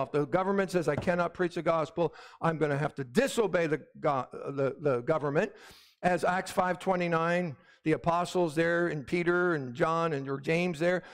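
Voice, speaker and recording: A pastor preaching with a high voice and an emphatic delivery, often calling "Amen?" to his listeners. The sound carries a long reverb from the church sanctuary. It is a plain sermon with steady conviction. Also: clear, resonant tone.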